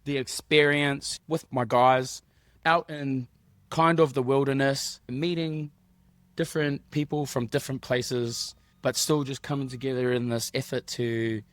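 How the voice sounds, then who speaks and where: A man's voice: medium pitch, fairly even intonation, measured pace, fairly bright tone, no room sound. A man co-hosting a podcast in casual chat, telling stories with a joking, self-deprecating manner. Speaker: podcast co-host.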